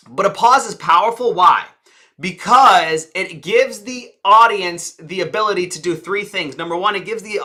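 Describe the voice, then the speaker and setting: Bright-voiced man coaching dramatic emphasis. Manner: dramatic emphasis, drops voice low and soft for effect; rhetorical questions to the viewer. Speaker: public speaking coach. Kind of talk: presentation skills lesson.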